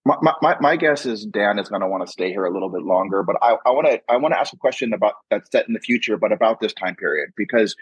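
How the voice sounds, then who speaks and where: Brief: male interview host, low and husky, rambling but thoughtful questions, dry muffled recording. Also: lively intonation, fast talker, hardly any pauses, no echo. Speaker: podcast host.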